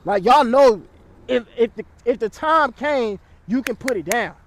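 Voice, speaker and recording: A man's voice: very high-pitched, animated, unhurried, slight background noise. A young man giving blunt, profane dating advice in a casual vlog, often checking in with the listener.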